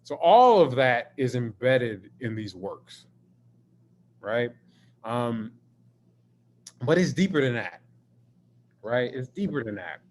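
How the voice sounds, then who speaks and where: An artist talks in a live-streamed video conversation, telling stories expressively and emphatically while swearing freely. His mid-range voice moves slowly with long pauses, picked up through a video call microphone.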